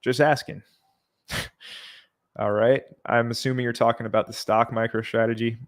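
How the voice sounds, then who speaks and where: A man hosts a casual livestream and talks over viewer comments at an easy pace, with fillers and small sighs. His pitch stays low-key and flat and barely moves. He sounds close to his microphone. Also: a little slow. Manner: relaxed, chatty, reads out viewer comments. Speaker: livestream host.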